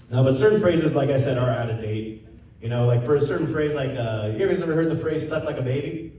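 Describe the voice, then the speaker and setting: A man's voice: medium pitch, fairly quick, warm tone, slight background noise. A young man from Southern California doing a stand-up set, chatting with the crowd and acting out quotes in loose, rambling stories. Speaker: stand-up comedian. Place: casino stage with a live audience. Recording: very echoey room, voice a bit distant.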